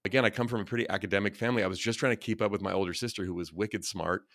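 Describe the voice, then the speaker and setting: A man around fifty from Northern California, a former baseball player telling lively, earnest stories as a podcast guest. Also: lowish voice, dry recording, studio quality. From Northern California, USA. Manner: lively anecdotal storyteller, quick and earnest. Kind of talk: casual interview storytelling.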